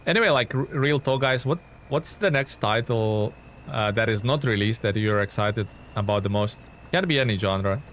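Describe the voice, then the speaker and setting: Over a little background noise, a live-streaming gamer talks at a normal pace in a lowish, slightly bright voice. He chats loosely with viewers, wanders from thought to thought with frequent restarts, and replies to chatters by name.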